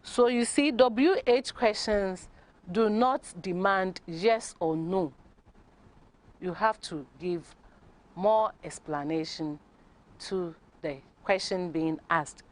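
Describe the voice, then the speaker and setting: A woman teaching a grammar lesson, speaking deliberately and repeating example questions. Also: mid-range voice. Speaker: English teacher. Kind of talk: classroom lesson.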